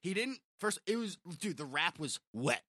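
A young man tells an animated story on a podcast, cursing and restarting as he gets worked up. He is getting over the flu and sounds a little sweaty. His voice sits a bit high and is recorded close and dry. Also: no room sound. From Long Island. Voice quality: animated storyteller, swears often, quick restarts. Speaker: podcast co-host. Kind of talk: casual chat.

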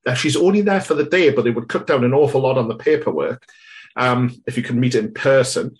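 A man's voice: mid-range voice, expressive, a little fast, natural voice. A man playing a fussy Cambridge professor on a phone call, rambling and hesitant with a pompous edge.

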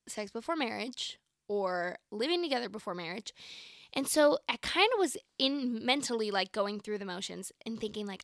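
A nineteen-year-old woman hosting her own podcast, telling a personal story in a chatty, animated way, full of "like" and acted-out quotes. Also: fairly high pitch, dry recording, studio quality. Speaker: podcast host. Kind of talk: casual storytelling.

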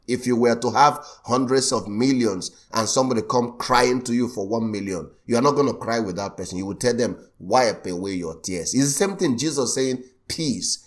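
Emphatic pastor preaching. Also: male voice, medium pitch. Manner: emphatic, repeats phrases and says "Praise God" often. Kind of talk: sermon.

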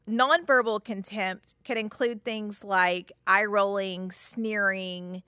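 A woman therapist hosts a casual advice podcast, speaking frankly and conversationally. Her voice is bright and forward, and the recording is dry and close. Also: mid-range voice, steady tone, takes it slowly, clear, resonant tone, dry recording. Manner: frank, conversational, acts out example quotes.

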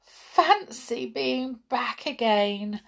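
A woman's voice: on the high side, huge pitch swings, moderate pace. A woman voicing a cheerful little male brownie in a storybook, speaking eagerly. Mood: surprised.

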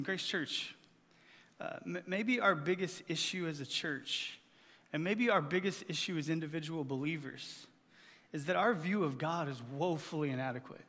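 A man's voice: high voice, fairly bright tone, in a large hall. A male pastor preaching a sermon to his church, emphatic and repeating phrases for effect.

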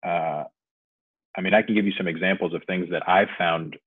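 A man's voice: low voice, steady tone, normal speed, slightly rough, dry recording. A man as a podcast guest, explaining things thoughtfully at length in casual conversation. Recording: dry, phone-like remote audio.

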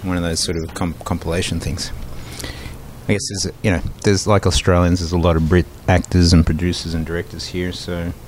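Deep-voiced rambling middle-aged man. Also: little pitch movement, fairly quick, a little mellow, a little hiss or hum. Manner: rambling, many fillers and restarts, laughs easily. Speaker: podcast guest. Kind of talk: casual conversational storytelling.

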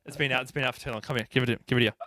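A man's voice: mid-range voice, steady tone, very fast, pushed and bright, dry recording, studio quality. A young man teasing his friends in casual banter. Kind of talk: casual chat.

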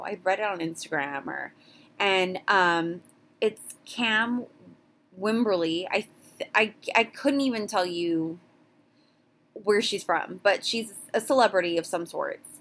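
Candid mom podcaster. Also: female voice, medium pitch, expressive, slow pace, fairly bright tone. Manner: candid, rambling, frequent restarts. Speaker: podcast host. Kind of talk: casual solo podcast talk.

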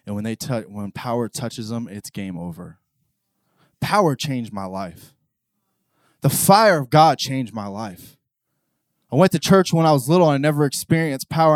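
A man preaching a sermon and telling personal stories, swinging between hushed intensity and loud exclamation. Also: medium pitch, no echo.

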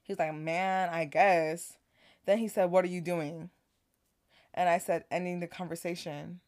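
Lower-voiced woman retelling a story. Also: unhurried. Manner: animated retelling of text messages, laughing often. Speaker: podcast co-host. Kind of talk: casual chat, storytelling.

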